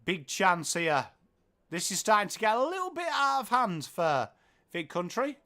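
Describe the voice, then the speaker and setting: A man's voice: sits high, normal speed. A man with an English accent hosting a live football watchalong, commentating on play and chatting to viewers in the comments. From England. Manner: chatty, reads viewer comments aloud, gets excited at goals. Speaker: livestream watchalong host.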